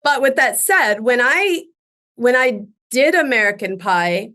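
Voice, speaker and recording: A middle-aged woman, a guest on a podcast, telling stories from her acting career in an animated way, laughing often and restarting her sentences. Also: on the high side, unhurried. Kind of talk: casual interview storytelling.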